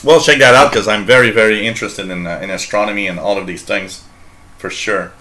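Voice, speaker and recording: A man's voice: lowish voice, steady tone, fairly quick, sharp tone. A man from Canada hosting a live shortwave radio show, chatting in a rambling, jokey way, reading out chat messages and laughing often.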